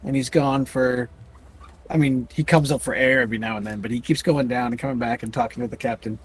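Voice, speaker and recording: A man's voice: medium pitch, fairly even intonation, fast, breathy edge. A man narrating as game master of a tabletop game, rambling with frequent restarts.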